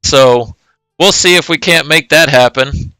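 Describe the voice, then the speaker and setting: A man with a very bright, crisp voice, talking casually as he calls a card game tournament move by move. The sound is dry and close. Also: a little high, unhurried, no echo, soft background music, poor audio. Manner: casual, play-by-play calling of moves. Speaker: tournament commentator. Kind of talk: live game commentary.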